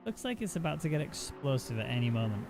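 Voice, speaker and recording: A man's voice: mid-range voice, very animated, quick pace, gravelly, over music. A man giving casual live commentary on an online sim race, chatty and bantering with his co-host. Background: racing car engine noise.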